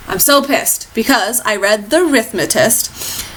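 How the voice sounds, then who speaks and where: A woman reviewing books in a casual, chatty way, gushing and animated as she talks. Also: on the high side, slow pace, slight background noise. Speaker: book reviewer. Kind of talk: casual book review chat.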